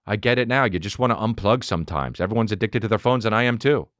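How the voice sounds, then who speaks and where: A man in his thirties hosts a solo comedy podcast, ranting and swearing freely, animated and profane as he slips into mocking high-pitched character voices. He talks fast, and the recording is dry with clean studio sound.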